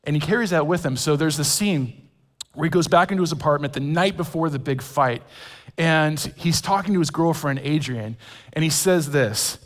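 A man's voice: a little high, moderate pace. A man from California preaching a sermon as a men's pastor, conversational with humorous asides. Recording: long reverb of a large hall.

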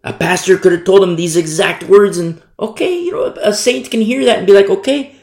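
A man's voice: sits high, a little fast, a little mellow, reverberant. A man preaching a sermon, repeating key phrases and asking emphatic rhetorical questions. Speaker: pastor.

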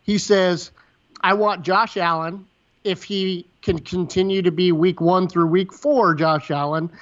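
Male podcast co-host, higher voice, fast and chatty, muffled lo-fi mic. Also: steady tone, fairly bright tone. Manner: fast, repetitive retelling with quoted dialogue and swearing. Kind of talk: casual storytelling chat. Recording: dull lo-fi sound.

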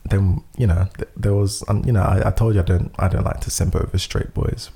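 A young man, telling a story in casual podcast chat, lively, laughing often and swearing freely. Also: deep voice, brisk, vocal fry. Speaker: podcast co-host.

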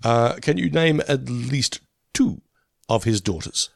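Podcast co-host, male, gravelly voice with lively pitch, dry close sound. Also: takes it slowly, no echo. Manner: laughs often, animated. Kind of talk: casual podcast chat.

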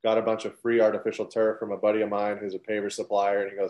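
Male guest, plain-spoken business owner, low, even delivery. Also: fast talker, few pauses, dull audio. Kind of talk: casual interview answers.

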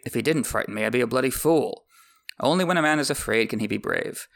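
A man's voice: mid-range voice, fast talker, creaky, fairly bright tone. A man voicing a blunt, mercenary male sellsword who talks in a mocking, no-nonsense way.

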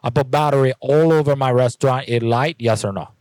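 A man puts on a prank caller with a jumbled mix of foreign accents who speaks in broken English. He presses the same baffled questions over and over at a middle pitch. The voice is close and dry. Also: a little mellow, no echo, lightly acted. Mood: insistent. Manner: halting, baffled, pushy questions.

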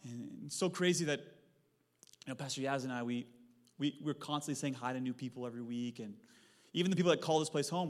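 A man in his thirties delivers a sermon from the stage of a church sanctuary. His voice sits a little high and moves from loud, lively storytelling to hushed, serious moments. Long reverb from the large hall trails behind his words. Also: brisk. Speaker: pastor.

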